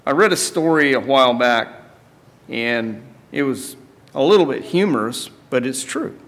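A man preaching a sermon, reading a story aloud in a measured way with emphatic asides. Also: mid-range voice, lively intonation, fairly bright tone, long reverb tail.

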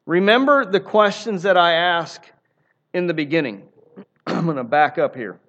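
A man's voice: on the high side, lively intonation, a little slow, fairly bright tone, muffled recording. A man preaching a sermon in an earnest, emphatic way, often repeating phrases for emphasis. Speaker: pastor.

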